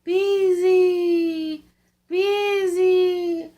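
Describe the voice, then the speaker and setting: A woman's voice: extremely high pitch, level tone, drawn-out words, voice pushed up, exaggerated voice. A woman voicing the stormy night wind in a scary storybook, howling its chant. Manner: loud rising howl.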